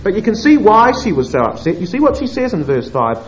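A man preaching a sermon, moving between quiet asides and emphatic, drawn-out scripture quotations. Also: high voice, dull audio, a little hiss or hum. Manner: expressive, swings between hushed asides and emphatic quoting.

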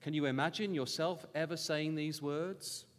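A man preaching a sermon as a Bible school teacher, earnestly urging his listeners with repeated questions, moving between hushed low scripture reading and raised emphatic exhortation. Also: moderate pace. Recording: hall with long reverb.

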